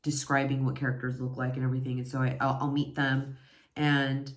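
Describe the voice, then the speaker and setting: A woman in her forties, a book reviewer, chats casually about romance novels, rambling with lots of fillers and self-corrections. Her voice is very deep with little pitch movement, and she talks a little fast in an echoey room.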